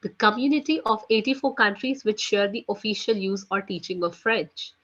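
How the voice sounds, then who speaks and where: A woman's voice: medium pitch, moderate pace, fairly bright tone, highs cut off. A woman teaching French in a live online class, chatty, leaning on "you know" and "guys". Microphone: video call.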